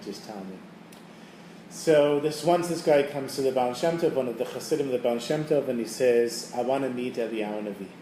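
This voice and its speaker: A middle-aged man tells stories to a group in a loose, casual way, slipping into the voices of his characters as he goes. His tone is mellow and low in brightness. He is recorded from some distance in a roomy, echoing space with a faint hum behind him. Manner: casual, animated storyteller who acts out quoted voices. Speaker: teacher leading a holiday preparation class. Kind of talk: storytelling talk to a group. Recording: echoey room, mic at a distance, faint background noise.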